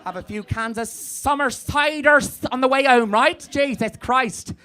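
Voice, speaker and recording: Folksy Somerset judge: high, sing-song drawl, live club noise behind. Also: male voice, unhurried, bright, forceful tone, exaggerated voice. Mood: cheery. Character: chatty West Country male judge, folksy and cheery.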